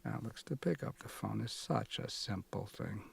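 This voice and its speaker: A man voicing an anxious, nagging middle-aged mother in an audiobook, speaking in a hushed, wheedling whisper. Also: fairly low pitch, lively intonation, normal speed, creaky, husky, exaggerated voice. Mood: guilt-tripping whisper. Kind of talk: audiobook narration.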